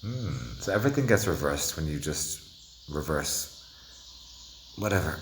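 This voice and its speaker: A man's voice: a bass voice, animated, normal speed, a little hiss or hum. A man vlogging in a meandering, self-interrupting monologue, playful and at times dropping to a whisper. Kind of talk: rambling monologue to the camera.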